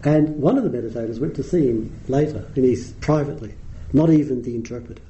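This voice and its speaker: A man's voice: medium pitch, quick pace, dark tone, muffled recording. A middle-aged man giving a dharma talk as a meditation teacher, telling wry anecdotes and chuckling at his own stories.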